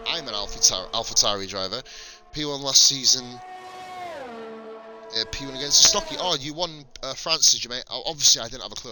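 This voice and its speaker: A man's voice: mid-range voice, poor audio. A man with a northern English accent mixed with Welsh, commentating a sim race on a live stream and bantering with viewers, swearing freely. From northern England.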